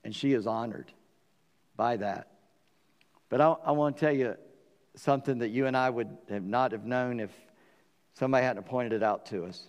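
A man with a Southern US accent preaching a sermon, animated and acting out the dialogue in voices. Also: mid-range voice, moderate pace, pauses often, big-room sound. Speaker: pastor.

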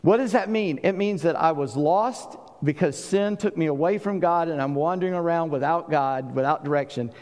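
Southern guy preaching, kinda high voice, big hall echo, gets loud then quiet. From South Carolina. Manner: animated preaching, swings between booming and hushed. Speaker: pastor. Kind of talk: sermon.

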